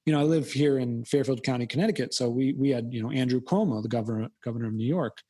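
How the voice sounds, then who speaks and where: A man's voice: medium pitch, fast talker, husky. An American man talking as a podcast guest in a casual, long-winded way, acting out imagined quotes. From United States. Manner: animated, acts out quoted voices, long-winded. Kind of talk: casual conversational interview. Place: Fairfield County, Connecticut.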